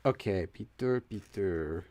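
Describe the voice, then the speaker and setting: A man's voice: sits low, takes it slowly, darkish tone, no echo. A young man hosting a casual let's-play, chatting, laughing often and translating game text as he goes. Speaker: gaming channel host.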